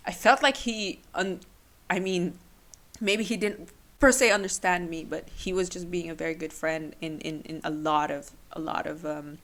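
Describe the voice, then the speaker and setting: A young woman hosting her own podcast, talking emotionally and haltingly, tearful at times. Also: on the low side. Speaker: podcast host. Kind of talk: personal solo podcast.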